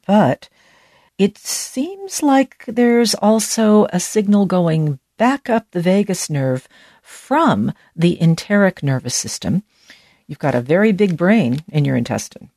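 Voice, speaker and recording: A woman's voice: sits low, darkish tone, no echo, clean studio sound. A woman hosting a health podcast as a doctor, explaining medical research in a chatty, folksy way with casual asides. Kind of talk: scripted health podcast talk.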